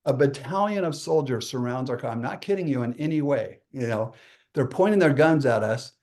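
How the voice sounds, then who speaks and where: A man's voice: medium pitch, animated, brisk, a little mellow. A man telling a story with energy as a guest, acting out the voices of the people in his anecdotes. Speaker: guest speaker. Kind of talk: animated storytelling.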